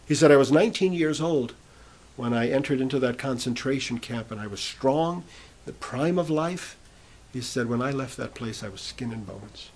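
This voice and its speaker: A man with a fairly high voice and vocal fry is preaching, recounting a prisoner's conversion story. In this sermon storytelling, he retells the testimony by quoting each person in turn.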